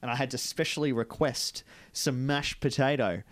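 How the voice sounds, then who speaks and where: A man's voice: medium pitch, normal speed, no echo. A man in his thirties co-hosting a podcast, chatting casually with a slight lisp from new braces, laid-back and self-mocking. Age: 30s. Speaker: podcast co-host. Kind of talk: casual chat.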